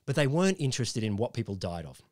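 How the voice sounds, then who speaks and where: An Australian man co-hosting a casual science podcast, explaining history in a halting way with many ums and restarts. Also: medium pitch, very animated, darkish tone, no echo, studio quality. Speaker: podcast co-host.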